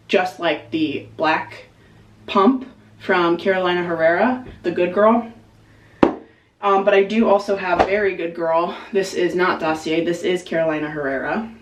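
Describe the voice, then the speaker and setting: Chatty young woman in an echoey room. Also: on the low side. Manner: bubbly and chatty, lots of fillers. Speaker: vlogger. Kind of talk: casual vlog chat. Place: home, indoors. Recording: echoey room, faint background noise.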